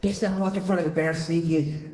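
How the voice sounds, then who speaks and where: A middle-aged man telling a long story as a stand-up comedian, profane and animated, acting out other people's lines. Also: high voice, very fast, slight background noise.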